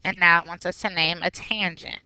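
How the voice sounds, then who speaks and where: Bright, crisp woman teaching math. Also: fairly low pitch, steady tone, brisk, no room sound. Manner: patient, step-by-step explaining. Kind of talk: recorded geometry review lesson.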